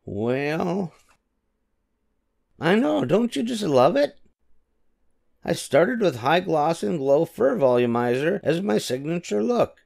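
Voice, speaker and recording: A man's voice: on the high side, sing-song, slow, gravelly, pauses often, darkish tone, voice pushed up, full character voice. An older man doing a gushing, dramatic girl hamster. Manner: theatrical, gushing and wailing. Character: vain dramatic young female hamster.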